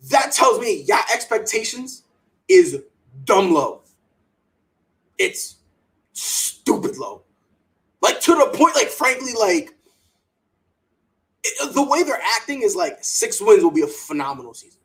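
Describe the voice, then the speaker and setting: A podcast host delivering heated sports opinions with an animated, swooping pitch. They talk in bursts, stumbling over repeated words as they push a point home. Now and then they slip into mocking voices to make fun of others. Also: unhurried, long pauses, rough recording.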